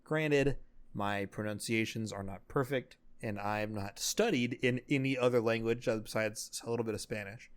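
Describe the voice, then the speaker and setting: A man who is a guest on a podcast, talking casually in a measured, hesitant way with frequent ums. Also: fairly low pitch.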